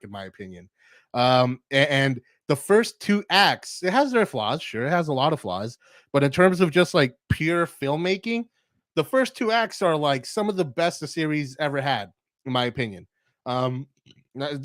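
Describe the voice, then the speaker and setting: A man's voice: fairly high pitch, fairly bright tone, no echo. A man hosting a casual livestream, talking in a rambling way with lots of fillers and restarts, and reading out and answering live chat. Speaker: stream host.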